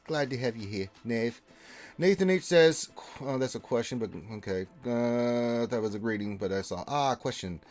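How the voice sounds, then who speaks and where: A man's voice: mid-range voice, normal speed, darkish tone. Man reading out livestream chat. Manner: reads chat names and greetings aloud, rambling and opinionated. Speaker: livestream co-host. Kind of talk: casual livestream chat reading viewer comments.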